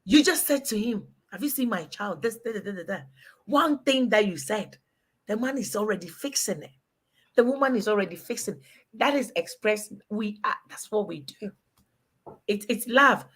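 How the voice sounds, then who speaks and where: A woman's voice: mid-range voice, expressive, normal speed, a bit bright, husky. A woman from Ghana, chatting casually and emphatically while giving relationship advice and calling out to a listener by name. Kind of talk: casual chat.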